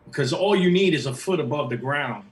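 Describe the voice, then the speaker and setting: A man playing a tabletop game who eagerly lays out his plans out loud in casual, loose grammar. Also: on the high side, animated, brisk, soft background music. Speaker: player.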